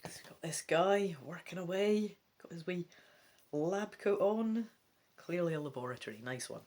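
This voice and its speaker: Lively Scottish woman reading aloud. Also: on the low side, moderate pace. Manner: cheeky, chatty, talks straight to viewers. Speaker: let's play reader. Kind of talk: reading a gamebook aloud with chatty asides.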